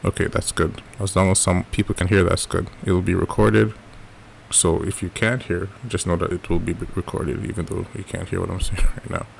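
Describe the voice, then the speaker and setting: A man's voice: low-pitched, steady tone, normal speed, creaky, slight background noise. A man teaching a live trading lesson in a casual coaching way, often checking in with "right?". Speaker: trading educator.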